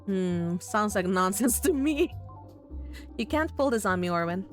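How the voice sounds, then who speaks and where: A woman voicing a warm, doting grandmother, soothing but firm, in a visual novel. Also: on the low side, expressive, moderate pace, faint music behind, pitched below the performer's own voice, close to an everyday voice. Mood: concerned.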